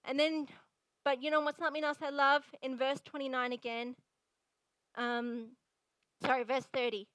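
High-voiced woman preaching with energy. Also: moderate pace, pauses often, no echo, rough recording. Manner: energetic, emphatic, conversational preaching. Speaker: pastor. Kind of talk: sermon.

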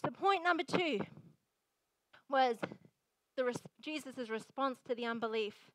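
A woman pastor preaches with lively emphasis and a chatty, direct manner. Her voice sits high, and the sound is close and dry with no room around it. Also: unhurried, no echo, low-quality recording. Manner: energetic, emphatic, conversational preaching. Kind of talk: sermon.

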